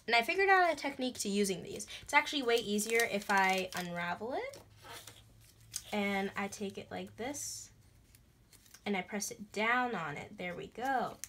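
Bubbly, excitable young woman vlogger. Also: medium pitch, moderate pace, slight background noise. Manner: bubbly, excitable, gasps and squeals. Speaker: craft vlogger. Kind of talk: casual DIY tutorial chat.

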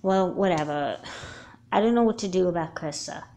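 An earnest, chatty young girl, voiced by a woman for a homemade doll movie. She talks in long, sincere explanations in a slightly low voice. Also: moderate pace, dark tone, lightly acted. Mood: musing.

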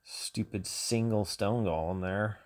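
A man's voice: fairly low pitch, takes it slowly. A man commentating his own gameplay for his channel, grumbling and exasperated, often sighing. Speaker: gaming channel host.

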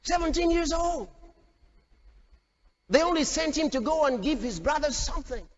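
A male pastor preaching a fiery, dramatic sermon, shouting at peaks and acting out voices. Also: very high voice, moderate pace. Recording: echoey hall, dull lo-fi sound.

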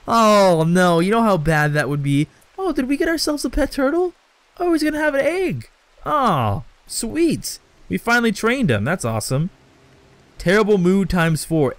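A man's voice: a little high, clean tone. A young man commenting on his own gameplay, swearing and scolding the characters in exasperation. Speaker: let's play gamer.

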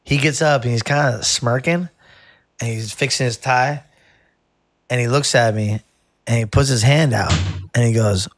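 A man's voice: mid-range voice, moderate pace, long pauses. A man who works as a barber, telling a rambling story in casual chat and calling the listener "bro". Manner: animated, rambling, says "bro" a lot.

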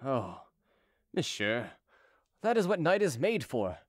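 A man voicing Chicot, a quick-tempered, cunning middle-aged royal envoy with an exasperated, sardonic way of talking. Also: medium pitch, huge pitch swings, no room sound, studio quality, full character voice.

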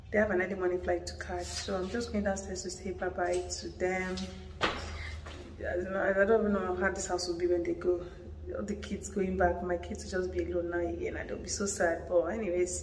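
A woman's voice: on the low side, darkish tone, a little hiss or hum. A woman, chatting casually to the camera in a home vlog, emotional and soothing toward the children. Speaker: vlogger. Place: family home, indoors.

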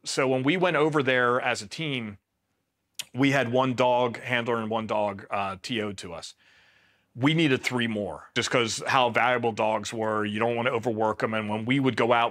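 A middle-aged man from Pennsylvania, a Marine veteran, telling war stories in a casual, deadpan way and quoting himself flatly. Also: medium pitch, normal speed. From Pennsylvania, USA. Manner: laid-back, deadpan, quotes himself flatly. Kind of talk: casual storytelling interview.

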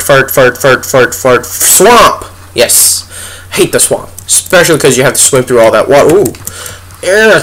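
A man's voice: on the high side, a bit bright, a little hiss or hum. A young man giving goofy, chatty let's play commentary as a gaming video host, talking to the animals in the game. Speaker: gaming YouTuber.

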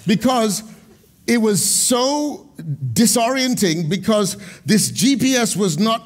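A middle-aged male pastor preaching a sermon, moving between loud proclamations and quiet, chatty storytelling. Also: normal speed. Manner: dynamic preaching, swings from loud proclamations to low storytelling asides.

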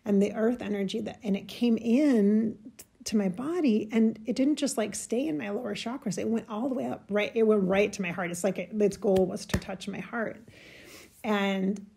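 A woman telling a personal spiritual story in a halting, emotional way, searching for words and getting choked up. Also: medium pitch, vocal fry, dark tone, breathy edge. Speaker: spiritual channel host.

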